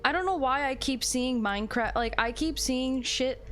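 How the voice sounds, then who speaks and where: A woman's voice: high voice, moderate pace, a bit bright. A young woman streaming a game, chatting with her viewers in a joking, casual way and swearing freely. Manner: joking, chatty with chat, swears, laughs often. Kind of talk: casual live-stream commentary.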